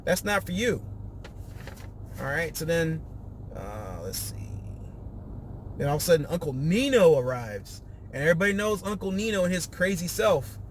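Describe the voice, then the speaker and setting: A man's voice: fairly high pitch, very animated, normal speed, slight background noise. A man hosting a casual podcast, recapping a reality show and acting out quotes in raised voices.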